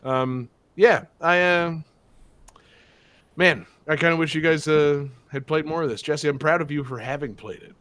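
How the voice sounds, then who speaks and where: A man's voice: fairly high pitch, moderate pace, fairly bright tone, smooth. A man hosting a game show podcast, chatting casually with lots of fillers, jokey asides and swearing.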